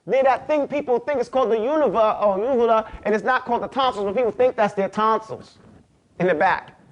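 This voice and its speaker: A man's voice: extremely high pitch, fairly quick, dull audio. A man teaching a class, drilling letter sounds aloud and patiently correcting and explaining pronunciation. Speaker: Arabic teacher.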